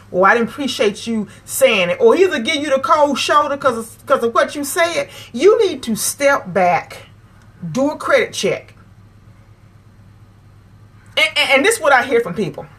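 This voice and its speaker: Here a woman's voice sits a little high, a bit bright and slightly rough. She's a vlog host delivering preachy advice to camera, lecturing viewers and repeating herself emphatically to press her point.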